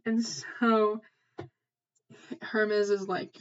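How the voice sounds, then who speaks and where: Female podcast host, mid-pitched, chatty and rambling, filler-heavy, slightly muffled lo-fi recording. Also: unhurried, long pauses. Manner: rambling, filler-heavy, swears casually, loses her train of thought. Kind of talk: casual mythology recap podcast.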